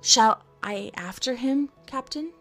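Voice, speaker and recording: A woman's voice: on the high side, takes it slowly, a bit bright, soft background music, voice pushed up. A woman voicing a timid, rather dim male pirate boatswain in a meek, wheedling way during a storybook reading.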